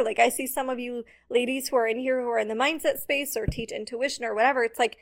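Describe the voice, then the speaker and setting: A young adult woman coach talking casually on her own podcast, upbeat and chatty, dropping "like" all the time. Her voice sits a little on the high side. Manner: chatty, upbeat, many "like" fillers. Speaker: business coach and podcast host. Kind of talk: casual solo podcast talk.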